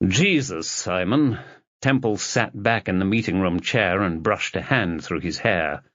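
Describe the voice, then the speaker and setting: Low-voiced man narrating an audiobook. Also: normal speed, fairly bright tone, no room sound, lo-fi sound.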